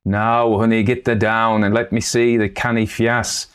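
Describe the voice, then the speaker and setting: A man reads as a grim old wise woman of the northern moors, in broad Northern English dialect. Her warnings come out stern and searching, pitched a little above his own low voice. It is a storybook reading, the old woman serious and commanding. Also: level tone, measured pace, clean tone, lightly acted.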